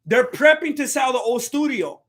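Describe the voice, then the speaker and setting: Streamer host, young man, bright and edgy tone, rambles and restarts as he riffs on the fights. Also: extremely high pitch, animated, normal speed. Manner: rambling, joking, self-interrupting. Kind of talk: casual live-stream fight commentary.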